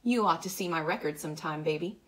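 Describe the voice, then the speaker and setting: A woman's voice: low voice, quick pace, a bit bright. Woman reading a sly, taunting teen hood. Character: cocky teen boy hoodlum, bored and sly.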